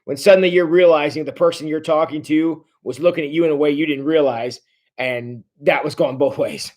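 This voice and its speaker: A man talks a church group through a book chapter, in a voice a little higher than most men's. He is earnest and halting, often restarting his sentences and filling pauses with "uh" as he works his way to a point. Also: steady tone, a little mellow. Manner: earnest, many restarts and fillers. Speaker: church discussion leader.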